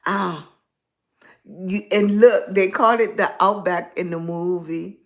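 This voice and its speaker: A middle-aged woman with a Southern US accent and a slightly raspy voice, rambling in casual livestream chat and greeting viewers by name. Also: fairly low pitch, fairly even intonation, slow. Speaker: lifestyle blogger live streaming.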